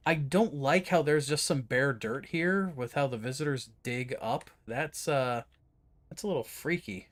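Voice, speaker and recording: A man's voice: mid-range voice, measured pace. A man streaming a horror game, chatting casually and joking about his own voices. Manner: chatty, self-mocking, reads on-screen text aloud. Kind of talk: casual gameplay commentary.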